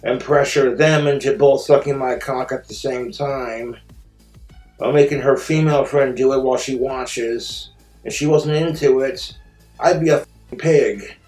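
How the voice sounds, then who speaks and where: A man's voice: mid-range voice, steady tone, a little slow, a little mellow, echoey room, soft background music. A man in an angry personal rant, bitter, profane and indignant. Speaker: streamer telling his story.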